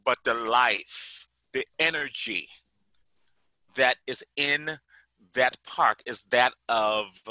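Man, 40s, animated personal storyteller, bright, cutting tone, dry close sound. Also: mid-range voice, dry recording, low-quality recording. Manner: animated, chatty, sprinkles "like", quotes people as he tells it.

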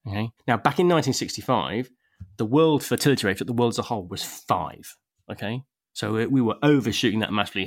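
A man talking through ideas on a podcast, thoughtful and explanatory, with frequent restarts. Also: fairly low pitch. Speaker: podcast panelist. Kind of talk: casual podcast discussion.

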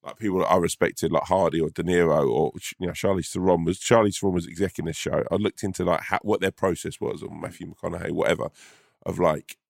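Deep gravelly man, dry and close. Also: fairly even intonation, fast, dry recording. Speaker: podcast co-host. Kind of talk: casual chat.

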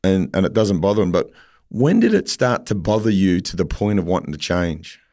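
Deep-voiced man telling stories. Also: sing-song, normal speed, darkish tone. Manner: blunt, storytelling, swears casually. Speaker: podcast host. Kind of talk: casual interview chat.

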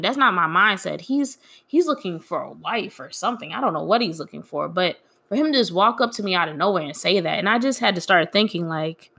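Young woman, bright voice, grieving, candid personal vlog storytelling. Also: medium pitch, creaky. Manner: candid, frank, quietly aggrieved.

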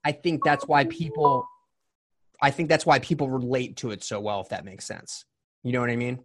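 A man's voice: medium pitch, fairly even intonation, moderate pace, faint music behind. Candid rambling man in his forties. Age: 40s. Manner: candid, rambling storytelling with many restarts. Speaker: podcast host. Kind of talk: casual interview chat.

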